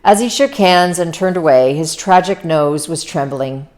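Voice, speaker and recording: A woman reads a novel aloud in her own low voice, unpolished and informal. She trips over words now and then and goes back to fix them. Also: measured pace, darkish tone. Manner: stumbles over words, breaks off with casual asides. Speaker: reader. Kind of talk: amateur read-aloud of a novel.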